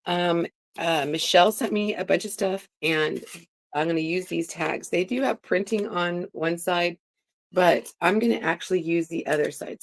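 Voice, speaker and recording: A woman's voice: lowish voice, fairly even intonation, a little fast, vocal fry, dry recording. A woman vlogger chatting casually as she walks through a crafting project step by step, with frequent fillers.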